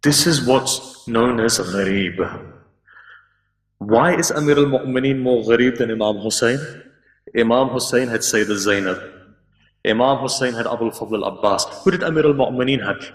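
Male preacher, mid-pitched, emotive sermon delivery, recorded from a distance in a roomy hall. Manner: emotive, slows and drops to near a hush at sad moments. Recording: roomy hall with long reverb, from far off.

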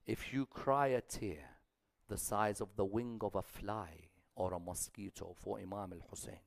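A man's voice: lowish voice, a little slow, gravelly, no room sound, studio quality. A man giving a sermon, speaking emphatically, repeating phrases rhythmically and putting questions to his listeners. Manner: emphatic, rising to loud peaks then dropping soft. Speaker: speaker at a religious gathering.

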